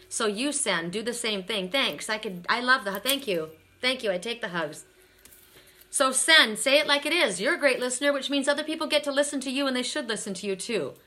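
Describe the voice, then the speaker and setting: A tired, emotional middle-aged woman talking through a live oracle card reading. Her voice is bright and set a little high, and her chat wanders, circles back and repeats itself. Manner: chatty, emotional, repeats herself.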